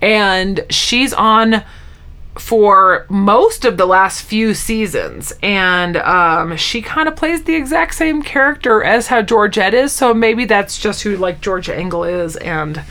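A woman co-hosting a podcast, chatting casually and retelling sitcom scenes with lively acted-out quotes. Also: medium pitch, takes it slowly. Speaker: podcast co-host. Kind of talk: casual chat recapping a sitcom.

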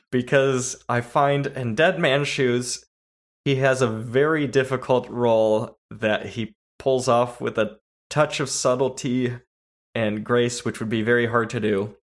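A man hosting a casual movie podcast chats talkatively in a mid-range voice, a little slow, laughing easily as he goes.

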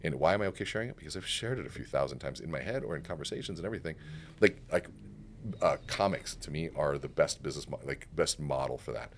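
A man's voice: rumbling low, lively intonation, slight background noise. A man guest on a podcast, telling stories emphatically, swearing and acting out quotes. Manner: fast, emphatic storytelling with swearing and acted quotes. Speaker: guest speaker and author. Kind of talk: animated podcast interview. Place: podcast studio set.

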